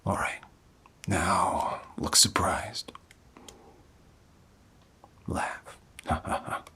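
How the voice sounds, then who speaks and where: A man voicing an older, laid-back male demon hunter who interviews the listener, soft-spoken in a whispered role-play. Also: low-pitched, very slow, creaky, breathy edge, exaggerated voice. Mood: playful coaching. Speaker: job interviewer.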